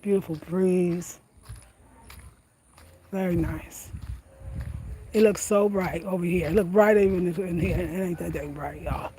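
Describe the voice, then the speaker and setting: A woman's voice: lowish voice, fairly even intonation, a little slow, long pauses, mellow, a little hiss or hum. A chatty woman vlogging at home, laughing often and talking in a casual, slangy way. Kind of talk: casual chat to camera. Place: outdoors at night on a country road, then indoors at home.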